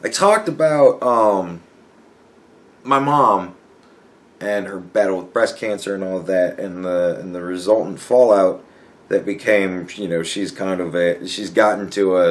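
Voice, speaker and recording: A man's voice: deep voice, unhurried. Profane rambling man. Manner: profane, rambling, stammering restarts; acts out imagined dialogue. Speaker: podcast host. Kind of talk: casual solo commentary.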